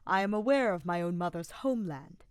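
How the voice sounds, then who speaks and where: A woman's voice: lowish voice, lively intonation, a little fast, darkish tone, clean tone, no echo, lightly acted. A woman reading a fan-fiction audiobook, voicing a sardonic young male mage who explains in a dry, formal way.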